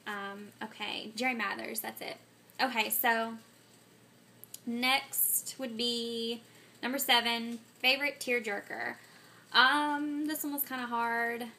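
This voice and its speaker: A woman's voice: fairly high pitch, steady tone, takes it slowly, bright, forceful tone. A woman vlogging casually to camera, scatterbrained and full of ums and self-corrections, getting sick and coughing. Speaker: vlogger answering a movie tag.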